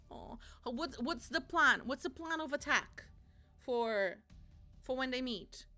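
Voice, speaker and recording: A young woman streaming a game, chatting casually and goofing around with squeaky sung bits and silly voices into a desk mic. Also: lively intonation, slow, pushed and bright, soft background music. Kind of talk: casual livestream chat while gaming.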